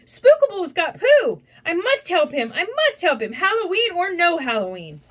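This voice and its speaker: A woman's voice: high-pitched, very animated, unhurried, bright, forceful tone, heavily acted. A woman voicing a small, timid young piglet who frets and worries. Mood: frantic.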